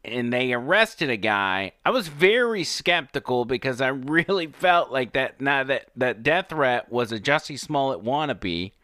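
A man hosting a casual political talk show, speaking emphatically with halting restarts into a studio microphone. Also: fairly low pitch, bright, forceful tone, smooth, no echo.

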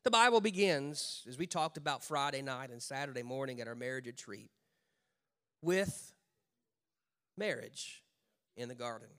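A male pastor preaching a sermon, swinging from loud calls to the congregation to low, slow emphasis, with humorous conversational asides. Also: expressive.

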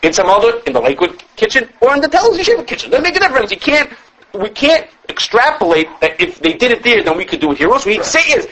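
A male Torah teacher gives a lively lesson, his voice swooping up and down as he talks. He speaks quickly, often restarting phrases and asking "okay?" to check on the class. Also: extremely high pitch, low-quality recording. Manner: animated, explains with repeated restarts and checking questions.

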